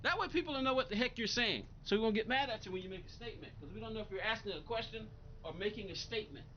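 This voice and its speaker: Irritated high-voiced man streaming to chat. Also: expressive, rapid-fire, sharp tone, dull audio, slight background noise. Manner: irritated, rambling, repeats himself, talks back to chat. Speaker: live-streaming sim racing gamer. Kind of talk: casual live-stream chat reading viewer comments.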